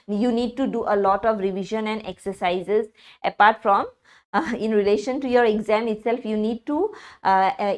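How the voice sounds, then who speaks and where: A woman teaching English grammar in a live exam analysis, explaining slowly and often restarting with fillers. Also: fairly high pitch. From India.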